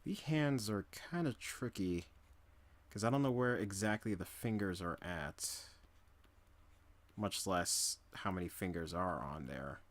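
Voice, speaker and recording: A man's voice: low-pitched, animated, a little slow. A young man from New York City chatting casually during a live drawing stream, rambling and humming to himself between remarks.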